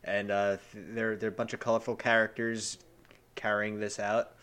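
A man's voice: lowish voice, level tone, moderate pace, a bit bright, clear, resonant tone. A man co-hosting a casual movie podcast, rambling through restarts and laughing often. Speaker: podcast co-host.

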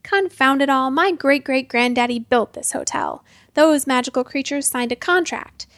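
A woman's voice: high-pitched, normal speed, a bit bright, dry recording, studio quality. A woman voicing a blustering, bossy old male hotel owner who growls his orders.

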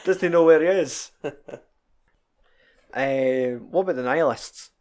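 A man's voice: medium pitch, a little slow, a little mellow, smooth. A young man with a Scottish accent chatting casually about a film, swearing freely and laughing often. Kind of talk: casual chat.

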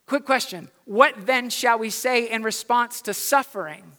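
Man pastor preaching, high pitch, emphatic repeated phrases, long hall reverb. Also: measured pace, pushed and bright. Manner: emphatic rhetorical repetition. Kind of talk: sermon. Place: church sanctuary.

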